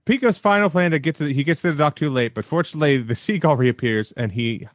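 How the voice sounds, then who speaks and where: A man co-hosting a casual podcast, retelling a movie scene with amusement. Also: quick pace. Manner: amused storytelling, acts out lines in a low voice. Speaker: podcast co-host. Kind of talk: casual movie-riffing chat.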